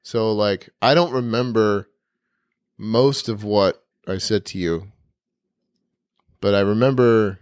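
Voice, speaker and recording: Man, podcast co-host, easygoing, jokey storyteller, low voice, dry close mic. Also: slow, long pauses, smooth, no echo. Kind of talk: casual chat.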